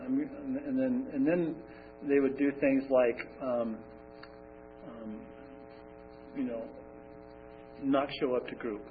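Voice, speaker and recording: A man telling his recovery story at a support meeting, rambling and conversational with many fillers. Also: medium pitch. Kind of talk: personal recovery talk. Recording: distant, phone-like, faint hum.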